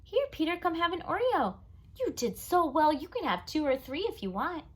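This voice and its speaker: A woman's voice: high voice, very animated, normal speed, pitched above the performer's own voice. A woman voicing a sweet young woman coaxing children, in a read-aloud storybook. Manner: sugary and coaxing.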